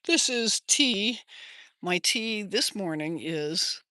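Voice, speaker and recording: Bright-voiced older American woman chatting. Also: fairly low pitch, very animated, slow pace, no echo, studio quality. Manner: rambling and chatty, answers viewer comments. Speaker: livestream host. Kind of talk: casual livestream chat. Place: outdoors in her yard.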